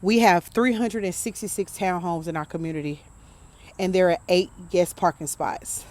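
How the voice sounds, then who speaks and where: A woman's voice: on the low side, steady tone, moderate pace, darkish tone. An outraged woman ranting to camera, swearing and firing off rhetorical questions. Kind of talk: venting straight to camera.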